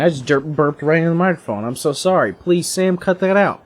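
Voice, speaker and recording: A young man in his twenties giving casual, rambling commentary while playing a video game, making jokes and breaking into excited outbursts. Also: fairly high pitch, fairly quick. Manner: rambling, jokey, excitable asides. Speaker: let's play host.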